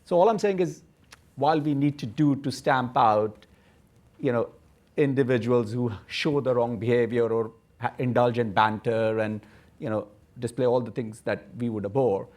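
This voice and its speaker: A man speaking as a corporate executive on a conference panel, earnest and measured, often repeating words as he works toward a point. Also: medium pitch, darkish tone. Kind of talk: panel discussion.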